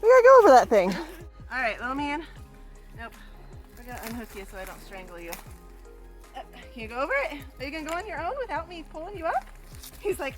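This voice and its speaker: A woman's voice: high-pitched, big pitch swings, brisk, fairly bright tone, faint music behind, poor audio. A young woman vlogging on a mountain trail with a handheld camera, chatty and laughing often, sometimes out of breath as she talks to her dog and friends. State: out of breath at times. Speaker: hiking vlogger. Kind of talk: casual trail vlog.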